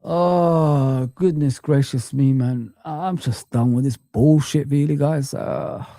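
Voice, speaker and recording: A man rants on a live stream about his football club, frustrated, repeating "man" and "guys." His voice sits in a middling pitch. The sound is dry and close to the microphone. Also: slow, dark tone, no room sound. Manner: frustrated, ranting, calls viewers guys and man. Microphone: streaming mic.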